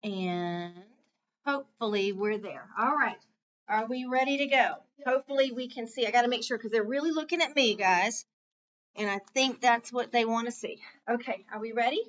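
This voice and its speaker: A woman teacher in a classroom, clearly and patiently prompting her students through a reading lesson. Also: a little high, normal speed, fairly bright tone, highs cut off, a little hiss or hum. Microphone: camera set up in the room.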